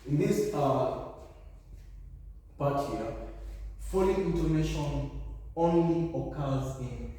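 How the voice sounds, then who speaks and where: A man's voice: a little high, takes it slowly, long pauses, dark tone. Man teaching in an echoey room. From Kenya. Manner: explanatory, with self-corrections. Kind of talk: revision lesson. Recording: echoey room, far from mic.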